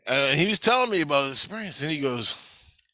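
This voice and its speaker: A man's voice: on the high side, animated, fairly quick, bright, forceful tone, no room sound. A man telling past-life memories in a rambling, profane, intense monologue. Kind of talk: casual spoken monologue.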